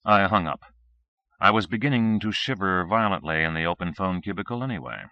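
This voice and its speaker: A man narrating a first-person novel as an audiobook, with steady, measured reading. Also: sits low, dry recording. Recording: dull 1980s cassette recording.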